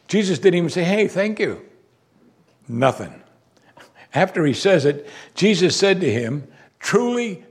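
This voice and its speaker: A man preaching a sermon, animated and rhetorical, repeating lines and exclaiming for emphasis. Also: mid-range voice, slightly rough.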